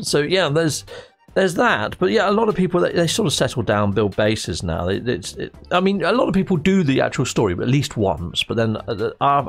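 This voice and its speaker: Gravelly gaming YouTuber. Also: male voice, medium pitch. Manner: rambling, restarts mid-sentence. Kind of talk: casual chat.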